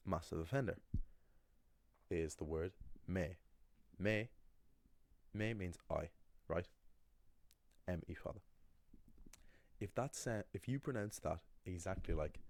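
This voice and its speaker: Deep-voiced man giving a casual lesson. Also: measured pace, long pauses, no room sound. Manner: animated, acts out quoted voices. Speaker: language teacher.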